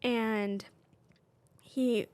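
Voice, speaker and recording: This woman speaks extremely slowly in a fairly high, steady voice with a darkish tone, recorded with no room sound. She's in her twenties, co-hosting a podcast, and keeps the casual chat candid and personal, full of "like."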